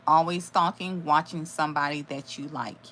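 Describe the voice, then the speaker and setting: This tarot reader's voice sits low but sounds fairly bright, holding a steady tone at normal speed. She channels messages aloud during a live reading, breaking into sudden exclamations and swearing bluntly, with slight background noise present.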